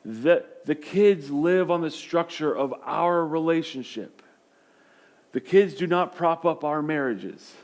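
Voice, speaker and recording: A man's voice: on the high side, slow, darkish tone. A male pastor in his thirties giving a conversational sermon, telling humorous stories.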